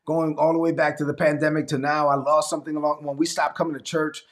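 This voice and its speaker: A man's voice: fairly high pitch, flat delivery, quick pace. A male pastor preaching a livestreamed sermon in a declaring style, leading his listeners in call-and-response.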